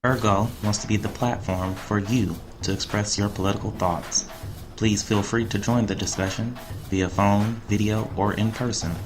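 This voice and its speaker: A man's voice: lowish voice, steady tone, moderate pace, close to an everyday voice, low-quality recording. A man reading a scripted promo for the show, delivered as an announcer. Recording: voice-over over loud music.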